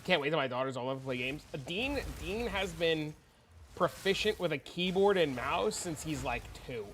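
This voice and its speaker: A man's voice: fairly high pitch, animated, moderate pace, a bit bright, a little hiss or hum. A man, a father, chatting loosely and profanely on a game stream, telling stories with animation. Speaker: father of young kids. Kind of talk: casual livestream chat.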